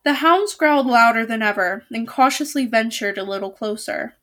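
A woman's voice: a little high, moderate pace, fairly bright tone. A woman reading a novel aloud, with casual asides and frequent self-corrections. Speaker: storybook reader.

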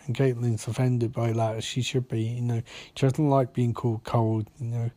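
A man talks through a TV episode in a loose, unscripted ramble, his voice sitting at an ordinary middle pitch. He is sarcastic and profane, stumbling over names and restarting his sentences. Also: flat delivery, moderate pace, dark tone. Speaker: TV episode recapper. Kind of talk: casual rambling recap.

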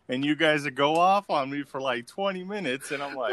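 Laughing man in crude podcast banter. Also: fairly quick. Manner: laughing often, lively swings in pitch. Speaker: podcast co-host.

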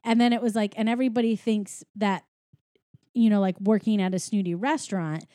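A woman's voice: medium pitch, fairly even intonation, brisk, mellow, no room sound, studio quality. A woman recapping a film plot in casual chat, rambling with lots of fillers. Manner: rambling, filler-heavy storytelling.

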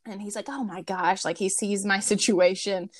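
A woman's voice: mid-range voice, moderate pace, no room sound. A woman podcast co-host, a mother, telling a mishap story casually, acting out what others said and laughing along. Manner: animated, acts out quoted voices, laughs through the story.

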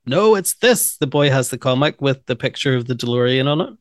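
A man's voice: medium pitch, level tone, quick pace, no echo, clean studio sound. A man co-hosting a podcast, chatting casually about a movie, laughing and jumping in with favorite lines. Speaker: podcast co-host. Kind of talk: casual movie recap chat.

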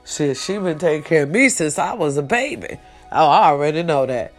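A woman's voice: low-pitched, expressive, a little fast, soft background music. A woman in a casual, heartfelt livestream talk. She speaks straight to her viewers, repeats herself, and fights back tears while praising God and her family. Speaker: online show host.

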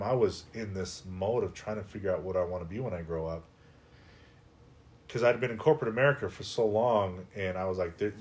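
Lower-voiced man telling a personal story. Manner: animated, conversational, heavy use of "like". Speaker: podcast guest, life coach. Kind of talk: personal storytelling in a podcast interview.

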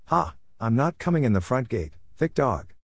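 A man's voice: medium pitch, very animated, moderate pace, vocal fry, slightly rough, no echo, voice pushed up, exaggerated voice. A man voicing a grumbling, downtrodden middle-aged husband who mutters sulkily, in a close, dry recording. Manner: sulky, muttering.

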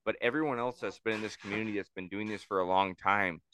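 A man's voice: lowish voice, fairly even intonation, fast, pushed and bright, a little hiss or hum. A man talking casually on a podcast, blunt and emphatic, with frequent swearing.

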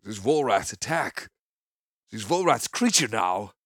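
A man's voice: lowish voice, very animated, measured pace, fairly bright tone, dry recording, clean studio sound, full character voice. A man doing a raw-voiced, heartbroken young warrior. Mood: anguished. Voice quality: raw, hoarse voice. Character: anguished young male warrior, broken by betrayal.

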